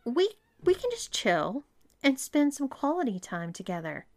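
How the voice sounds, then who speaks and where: A woman voicing an earnest young man on a date, speaking gently and reassuringly. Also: sits high, big pitch swings, unhurried, no echo, voice pushed up, full character voice. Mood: gentle.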